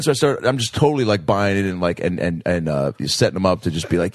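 Guy rattling off a crude story, lowish voice, dry close sound. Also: expressive, fast talker, hardly any pauses, no echo. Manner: rambling, profane, acts out drunk voices. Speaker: podcast co-host. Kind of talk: casual storytelling chat.

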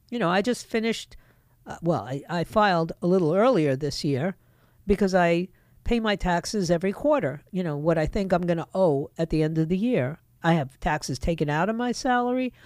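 A woman's voice: on the low side, animated, normal speed, darkish tone, no echo, studio quality. A middle-aged woman hosting a political talk radio show, opinionated and emphatic, talking straight to her listeners.

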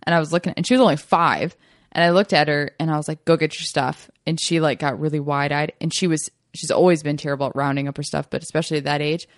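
This is a young woman with a low voice, co-hosting a podcast with her husband. She tells family stories in an animated way and acts out what people said. The recording is dry and close, with no room sound. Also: quick pace, no echo. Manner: animated storyteller who acts out quotes. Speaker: podcast co-host. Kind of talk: casual storytelling chat.

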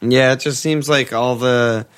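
A man's voice: mid-range voice, steady tone, unhurried, clear, resonant tone. A man co-hosting a casual podcast, swearing freely, rambling and laughing as he talks. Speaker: podcast co-host. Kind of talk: casual chat.

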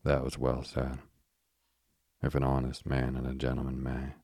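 A man's voice: very deep voice, monotone, moderate pace, vocal fry, a little mellow, slightly rough, dry recording, studio quality, full character voice. A man voicing a doting old witch woman in an audiobook, speaking in fond, archaic phrasing. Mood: proud.

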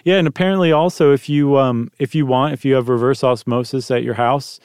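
A man's voice: mid-range voice, steady tone, fairly quick, a little mellow, smooth, dry recording, clean studio sound. A man co-hosting a podcast, chatting casually and rambling with fillers and jokey asides. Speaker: podcast co-host. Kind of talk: casual chat.

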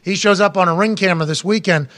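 A man hosting a casual sports talk show, animated and joking. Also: sits high. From Pittsburgh area. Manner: animated, joking, quick bursts. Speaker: sports podcast host.

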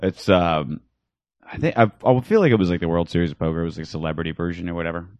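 Low-voiced man, comic co-host, loud mock outrage, dry close mic. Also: fast talker, dry recording, dull audio. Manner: loud exaggerated disgust, profane. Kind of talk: casual comedic chat.

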